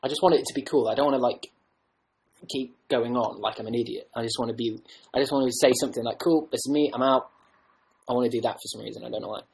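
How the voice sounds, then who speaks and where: Male livestreamer, husky voice, meandering self-mocking patter, webcam mic at home. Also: mid-range voice, steady tone, rapid-fire, darkish tone, rough recording. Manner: joking, rambling, self-mocking. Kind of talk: rambling casual livestream chat.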